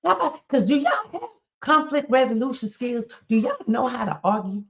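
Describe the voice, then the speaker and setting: A woman's voice: fairly high pitch, lively intonation, moderate pace, vocal fry. A middle-aged woman, giving a motivational talk in a preaching style and asking her audience pointed questions. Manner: emphatic, addresses audience directly with questions. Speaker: motivational speaker. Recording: dull lo-fi recording.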